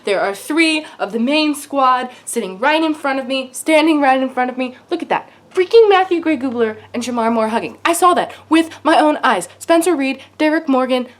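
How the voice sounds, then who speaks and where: A young woman vlogging at home, telling a fan-meeting story with hyperactive, gushing excitement. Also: high-pitched, normal speed, few pauses.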